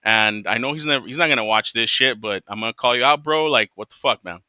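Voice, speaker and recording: Bright-voiced, ranting man host. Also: medium pitch, quick pace, clear, resonant tone, dry recording. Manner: profane, ranting, laughs often. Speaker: podcast host. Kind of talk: casual chat.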